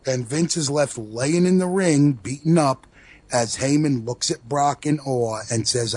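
A man with a thick Brooklyn accent, co-hosting a radio show and excitedly recapping wrestling. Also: mid-range voice, a little slow, husky. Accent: New York, Brooklyn. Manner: excited recapping, animated storytelling. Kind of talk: casual wrestling talk.

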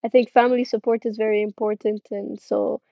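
A woman's voice: medium pitch, little pitch movement, a little fast, vocal fry, no echo, lo-fi sound. A young woman from the United Arab Emirates, a karting driver answering interview questions in a friendly, hesitant way with many fillers and frequent laughs.

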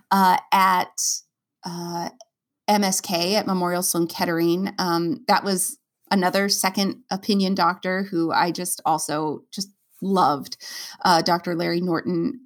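A woman, a stage performer as interview guest, telling her own story in a candid, earnest and emotional way, with many fillers and restarts. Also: on the low side.

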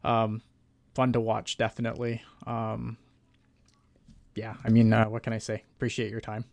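A man hosting a fan podcast, thanking his guest haltingly with many fillers and restarts. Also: lowish voice, completely flat delivery, gravelly, a little mellow. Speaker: podcast host. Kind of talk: casual podcast chat.

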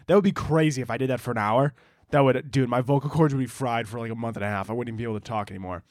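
A man's voice: mid-range voice, racing, a little mellow, no room sound. A man hosting a solo podcast, talking casually in a rambling, profane, joking way into a close mic. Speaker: podcast host.

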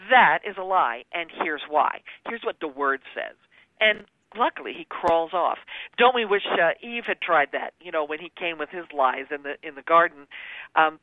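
Woman calling in over a thin phone line, low-ish pitch for a lady, earnest teaching tone, dry sound. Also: dry recording. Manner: earnest, teaching, animated in quotes. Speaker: guest author. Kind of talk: faith-based radio interview. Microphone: phone call.

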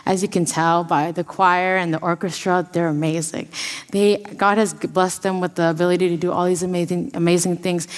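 A young woman giving a sermon at a church service, telling a personal story in a lively way and acting out the voices she quotes. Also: on the low side, brisk. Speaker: student speaker at church service. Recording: long reverb of a large hall.

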